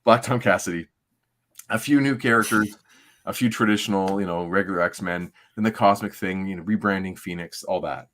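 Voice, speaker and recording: A middle-aged man with a low, slightly bright voice speaks briskly while co-hosting a livestream. As a podcast co-host in casual chat, he rambles in a laid-back way with lots of fillers.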